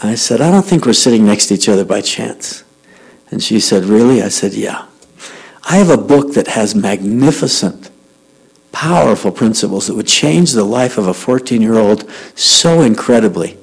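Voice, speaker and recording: A man's voice: on the low side, animated, normal speed, vocal fry, breathy edge, rough recording. A man from Utah telling a story to young people, acting out both sides of a conversation. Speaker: youth speaker. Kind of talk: storytelling talk to youth.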